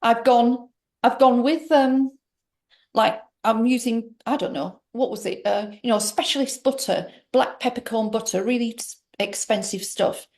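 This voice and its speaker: Gravelly woman telling a personal story. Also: on the high side, fairly even intonation, a little slow, a little mellow. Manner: rambling, emphatic, with many restarts. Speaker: interview guest. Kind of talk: personal story told in conversation.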